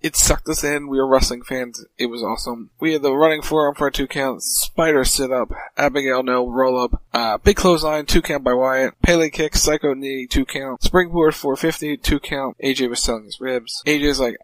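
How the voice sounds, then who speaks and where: A man co-hosting a wrestling talk show, recapping a match in brisk play-by-play. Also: mid-range voice, fairly even intonation, no room sound, low-quality recording. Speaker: podcast co-host.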